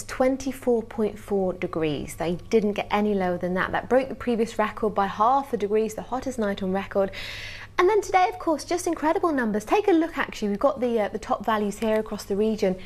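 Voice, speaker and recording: Animated British woman presenting the weather. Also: on the high side, a little fast. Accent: British English. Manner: animated, emphatic delivery. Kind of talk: television weather forecast. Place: television studio.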